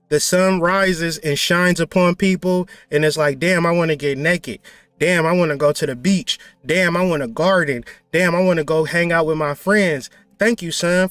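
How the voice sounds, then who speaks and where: A man's voice: fairly high pitch, a bit bright, no echo. A man giving blunt, profane spiritual advice in a casual talk, preachy with playful asides. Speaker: spiritual teacher.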